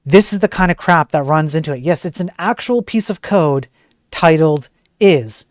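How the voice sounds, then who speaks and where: A man's voice: a little high, expressive, moderate pace, no room sound. A man hosting a casual tech news stream, ranting bluntly and joking as he reads the stories. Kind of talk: casual live-stream commentary.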